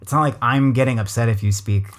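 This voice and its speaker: A man's voice: medium pitch, quick pace. An American man hosting a podcast, talking casually with frequent hesitations and restarts. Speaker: podcast host. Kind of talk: casual conversation.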